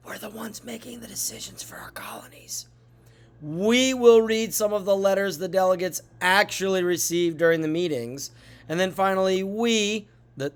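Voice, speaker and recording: Male teacher, tired and yawny, chatty lesson walkthrough, voice a bit on the high side. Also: smooth. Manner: chatty, lively, jokey asides. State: tired, yawning.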